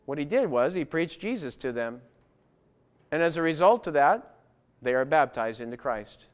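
A man's voice: on the high side, animated, moderate pace. A man preaching a sermon in a church, earnest and emphatic, hammering home key phrases through repetition. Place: church with baptistry.

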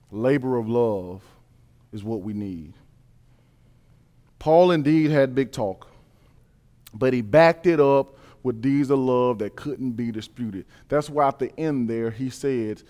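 A man preaching a sermon, reading scripture and building to emphatic, repeated points. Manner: builds from calm reading to loud, high-pitched emphatic preaching.

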